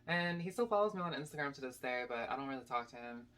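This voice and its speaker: A young woman telling a casual storytime to her channel, animated and rambling with lots of "like" and "basically". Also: rumbling low, fast. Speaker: YouTube storyteller.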